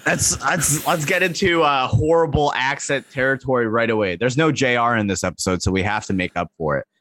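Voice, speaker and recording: A man's voice: medium pitch, brisk, a bit bright. A man co-hosting a podcast in casual chat, joking and laughing often. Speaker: podcast co-host.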